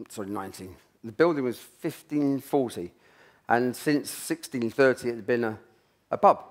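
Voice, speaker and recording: A middle-aged man, telling a rambling story from his kitchen career at a symposium, often restarting his sentences. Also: mid-range voice. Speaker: chef giving a talk. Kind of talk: anecdotal talk at a symposium.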